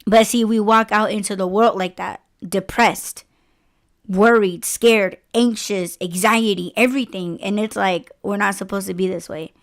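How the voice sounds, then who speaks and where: A woman hosting a podcast, talking in a rambling, profane, animated way in casual chat. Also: mid-range voice, measured pace. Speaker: podcast host.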